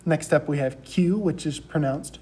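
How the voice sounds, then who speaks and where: Male teacher, young adult, mellow tone, patient repetitive lecture delivery into a computer mic. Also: on the high side, husky. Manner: slow, patient letter-by-letter drilling with repetition. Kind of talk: recorded class lecture.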